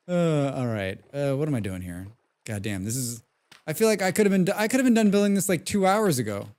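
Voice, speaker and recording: A man's voice: a little high, very animated, normal speed, a little mellow. A man live-streaming a game, chatting casually in a rambling way, reading chat aloud and humming to himself as he plays. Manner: hums tunelessly while playing. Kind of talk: live gaming stream commentary.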